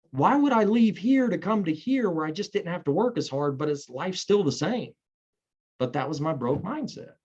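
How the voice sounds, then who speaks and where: Animated man in his thirties, muffled sound. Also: on the high side, husky. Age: 30s. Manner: energetic, animated, acts out quoted voices. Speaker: insurance sales trainer. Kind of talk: motivational talk on a call.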